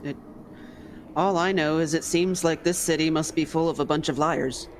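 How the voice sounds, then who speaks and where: A woman's voice: deep voice, fairly even intonation, moderate pace, slight background noise. A woman playing a tabletop game, chatting casually and checking rules aloud. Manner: casual, unsure about rules. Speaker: player.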